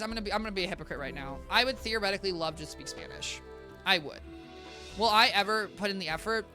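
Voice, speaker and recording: A man's voice: high voice, pushed and bright. A young man streaming a video game, rambling in a casual, self-deprecating way and talking to his chat as "guys". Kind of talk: casual gaming commentary.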